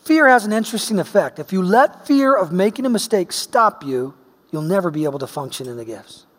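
Middle-aged male preacher, high voice, animated storyteller, long hall reverb. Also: a little fast. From Oregon, US. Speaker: pastor. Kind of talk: sermon with personal story.

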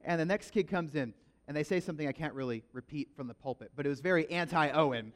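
An animated man preaching a sermon, jumping into stories with emphatic energy. His voice is on the higher side for a man, and he leans hard into his big moments. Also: fast. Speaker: pastor. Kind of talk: sermon with storytelling.

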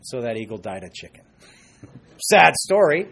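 Middle-aged man, husky pastor, animated sermon with soft asides. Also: mid-range voice, unhurried. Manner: animated, dips to soft asides, acts out quoted voices.

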